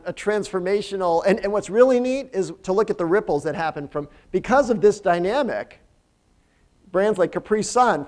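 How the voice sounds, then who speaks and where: A man gives a guest business lecture at a university, his voice sitting well above the usual male register. He talks through his slides in an easy, conversational way, often restarting a phrase, and he turns to the audience with questions. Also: high-pitched. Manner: frequent fillers and restarts. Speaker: company founder giving a guest lecture.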